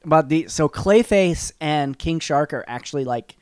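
A man co-hosting a podcast in casual chat, talking in a rambling, animated way with many fillers and restarts. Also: fairly high pitch, moderate pace, smooth, no room sound, studio quality. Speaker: podcast co-host.

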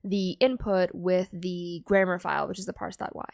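A woman's voice: on the low side, fairly even intonation, normal speed, creaky, darkish tone, no room sound, studio quality. A woman co-hosting a casual technical podcast, thinking aloud with hedges as she works through ideas. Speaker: podcast co-host.

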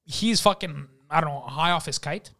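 Young guy with a high voice, swearing a lot, acting out every quote. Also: moderate pace. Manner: animated, profane, acts out quotes. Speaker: podcast guest. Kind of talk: casual storytelling. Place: studio.

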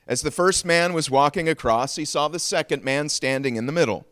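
Smooth-voiced male pastor preaching. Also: fairly high pitch, fairly quick, fairly bright tone. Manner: prays then tells a joke with acted voices. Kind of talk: sermon.

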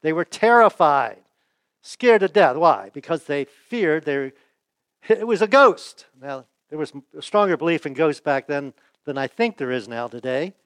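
A male pastor preaches in a folksy, chatty style, tossing rhetorical questions to the congregation. His voice sits on the higher side for a man and sounds close and dry, with almost no room echo. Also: lively intonation, normal speed, a bit bright, smooth. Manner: asks the audience rhetorical questions; folksy, chuckles and restarts. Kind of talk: conversational sermon.

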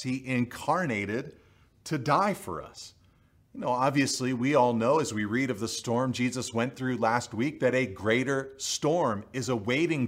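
Man preaching an earnest sermon. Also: medium pitch. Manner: earnest, repeats key phrases for emphasis.

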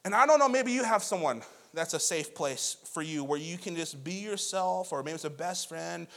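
Young male preacher, high voice, chatty storytelling sermon. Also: expressive, normal speed, fairly bright tone. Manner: conversational, self-deprecating storytelling with many restarts. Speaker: pastor.

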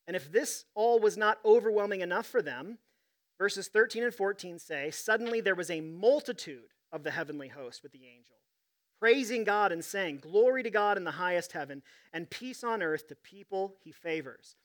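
A man's voice: high-pitched, animated, moderate pace, fairly bright tone. A man preaching a sermon as pastor, reading scripture and telling stories in a conversational, humorous way.

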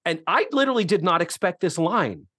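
Brief: male podcast co-host, lively storyteller, fairly high voice, dry close mic. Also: a little fast, slightly rough, no room sound. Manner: animated storytelling, acts out quotes. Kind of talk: casual recap of a TV episode.

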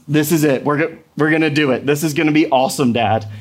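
A man's voice: a little high, fast, darkish tone, voice pushed down, close to an everyday voice. A man voicing his eager, pushy little daughter, insistent and coaxing.

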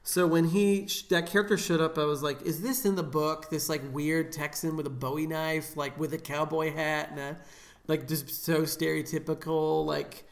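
A man's voice: fairly high pitch, little pitch movement, normal speed, creaky, reverberant. A man co-hosting a film podcast, chatting casually and enthusiastically, with lots of fillers. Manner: enthusiastic, filler-heavy, laughs often. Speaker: podcast co-host.

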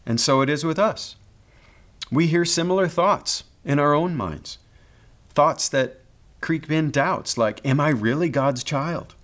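A man's voice: a little high, takes it slowly, pauses often, a bit bright. A man preaching a sermon as pastor, earnest and pastoral, sometimes repeating a word as he builds a point.

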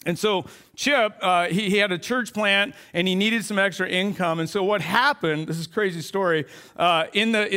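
A young adult man, a pastor, telling a comic story in an animated sermon. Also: sits high, clean tone.

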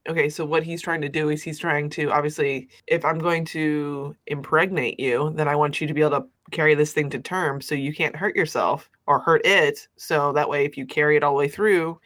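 A woman co-hosting a podcast in casual chat about a film, chatty, with frequent quick agreeing interjections. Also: low-pitched, steady tone, a bit bright. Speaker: podcast co-host. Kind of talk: casual movie recap chat.

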